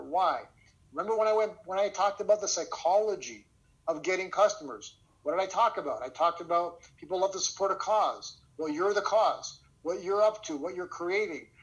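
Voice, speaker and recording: A man's voice: sits high, rough recording. A man teaching a sales lesson over a video call, telling stories with energy and often checking in with "okay?". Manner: energetic storytelling, frequent "okay?" check-ins. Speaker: sales trainer. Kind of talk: online training lesson.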